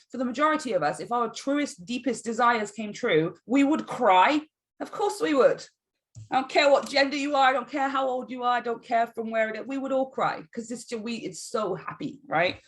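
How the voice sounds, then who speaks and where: A woman giving a casual tarot reading to camera, emphatic and encouraging, often checking in with "right?". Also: on the high side. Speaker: tarot reader.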